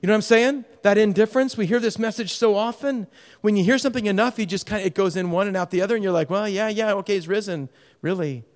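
Middle-aged man preaching, slightly high voice, long hall echo, swings loud to hushed. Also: very fast. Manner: storytelling with sudden shifts between loud urgency and hushed tenderness. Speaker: pastor. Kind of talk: sermon.

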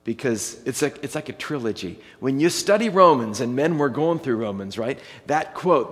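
A man preaching a sermon as pastor, talking conversationally and reading scripture slowly and deliberately. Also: medium pitch, lively intonation, big-room sound.

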